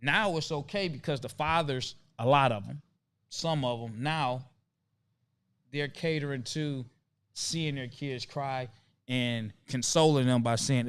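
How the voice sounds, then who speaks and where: An earnest man in relaxed conversation, speaking at an ordinary middle pitch. He hammers his points home with emphasis and repeats key phrases for weight. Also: measured pace, clean tone. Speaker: host. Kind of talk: casual conversation.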